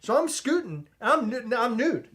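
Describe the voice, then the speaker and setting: A man co-hosting a podcast, telling a comedic story in an animated, excitable way, stumbling over restarts and shouting out retold lines. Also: very high-pitched, unhurried. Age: adult with a child. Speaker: podcast co-host.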